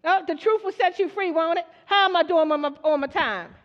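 A woman's voice: very high voice, fairly quick. A woman preaching a sermon to her congregation, asking them questions and acting out the characters in her story. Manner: call-and-response, asks the congregation questions; acts out story characters in quoted voices. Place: church hall. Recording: dull lo-fi recording with long hall reverb.

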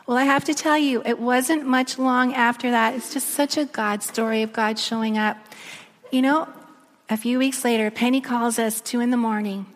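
A middle-aged woman preaching a sermon, telling a personal story in a chatty, lively way full of fillers. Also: fairly high pitch, normal speed. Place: church hall. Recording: long reverb in a large hall.

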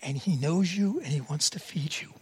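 An older man in his seventies delivers a sermon like a chat with his congregation. He tells stories and puts a lift into quoted lines. His voice sits somewhat higher than most men's. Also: moderate pace, darkish tone, slightly rough. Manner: conversational storytelling, voices quotes animatedly. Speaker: preacher.

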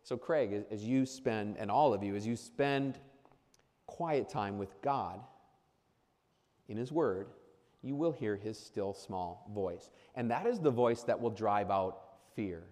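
A man's voice: on the low side, slow pace, dark tone, big-room sound. Earnest repetitive preacher man. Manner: earnest, repetitive emphasis with frequent restarts. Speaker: pastor addressing new ministers. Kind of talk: sermon.

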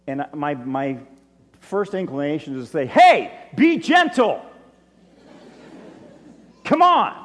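Pastor guy chatting through his sermon, easygoing, big echoey hall sound. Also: medium pitch. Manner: relaxed, conversational preaching with asides. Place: church stage. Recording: long reverb of a large hall.

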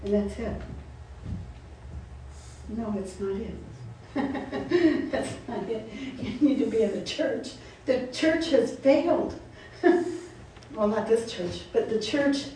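A woman with a warm, fairly high voice delivers a sermon in a church sanctuary, peppering her congregation with repeated questions and laughing asides. The audio is echoey, picked up from far away, with slight noise.

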